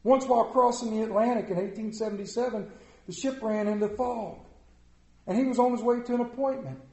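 A middle-aged male pastor with a fairly high voice preaches a sermon in a church. He tells folksy, self-deprecating stories. His voice echoes around a roomy hall. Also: fairly even intonation, brisk, darkish tone.

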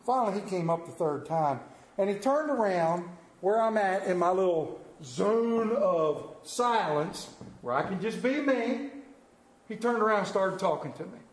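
A middle-aged man preaching in a church, his voice high and ringing in a roomy sanctuary. He tells folksy, self-deprecating stories with animated swings in his delivery. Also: a little slow. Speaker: pastor. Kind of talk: sermon with storytelling.

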